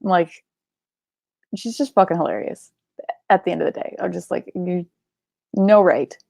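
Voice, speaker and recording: A woman's voice: lowish voice, a little slow, vocal fry, darkish tone, dry recording, studio quality. A young woman hosting a live book club stream, chatting casually and rambling, sleepy and yawning, with offhand swearing.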